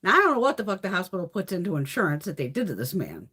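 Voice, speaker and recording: A woman's voice: lowish voice, huge pitch swings, very fast, sharp tone, husky. A woman hosting a beauty livestream, telling stories in blunt, profane casual chat with snarky asides.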